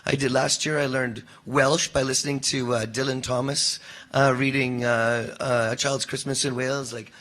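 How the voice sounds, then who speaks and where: A man's voice: medium pitch, normal speed. A man who works as a voice actor, chatting casually and animatedly on a convention panel. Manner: animated, expressive storyteller.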